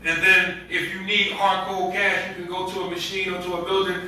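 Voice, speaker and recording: Imam preaching in an echoey hall. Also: male voice, sits high, completely flat delivery, a little fast, bright, forceful tone, far from the mic, slight background noise. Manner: storytelling, conversational with street slang. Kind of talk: Ramadan sermon.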